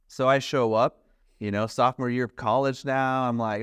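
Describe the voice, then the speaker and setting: A man's voice: medium pitch, normal speed, clean tone, no room sound, studio quality. A man in his thirties, a criminal defense lawyer, telling a personal story in conversation and acting out the people in it. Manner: animated, acts out the other people in his story.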